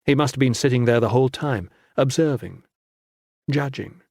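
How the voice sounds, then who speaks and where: A man reading a fantasy audiobook in measured, even scripted narration. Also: mid-range voice, no echo, studio quality.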